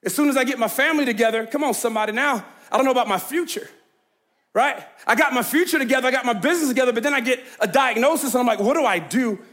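A man's voice: very high voice, racing, a bit bright. A man preaching a sermon as pastor, emphatic and conversational, calling out to the congregation and laughing easily.

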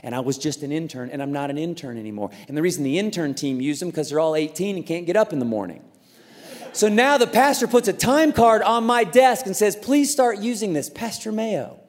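A man preaching a sermon as a pastor, telling a story in an animated way and acting out the voices in it. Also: fairly high pitch, brisk, big-room sound. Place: large church auditorium.

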